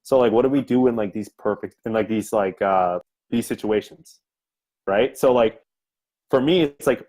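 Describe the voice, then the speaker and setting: Low-voiced man rambling through a question. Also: moderate pace, a little mellow, poor audio. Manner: rambling, filler-heavy questioning. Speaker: podcast co-host. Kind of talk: casual gaming podcast talk.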